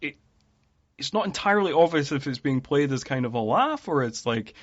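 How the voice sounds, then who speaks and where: A man's voice: on the high side, expressive, fairly quick. A man hosting a podcast, chatting casually about a film and laughing at his own observations. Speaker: podcast host. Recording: dull lo-fi podcast mic.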